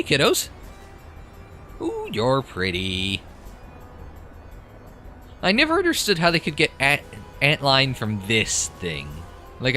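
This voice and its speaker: A man's voice: medium pitch, sharp tone. A man commentating his game playthrough with sarcastic, sweary asides and reading the dialogue aloud. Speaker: let's play commentator.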